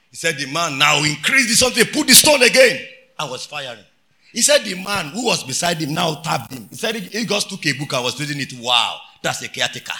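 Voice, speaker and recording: Nigerian male preacher, bright ringing tone, high pitch, shouts for emphasis. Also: expressive, fairly quick, creaky. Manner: preaching with shouted emphasis and storytelling, Pidgin phrases. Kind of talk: sermon.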